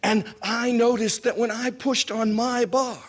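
A man telling a personal story with drama, dropping to hushed asides and rising to shouts, laughing through lines. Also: very high voice, steady tone, measured pace, few pauses.

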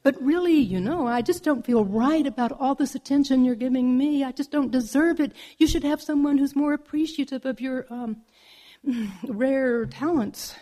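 A woman voicing a fussy, vain female saguaro cactus who is quick to take offense, in a told folk story. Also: high voice, mellow, voice pushed up, lightly acted. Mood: demurring.

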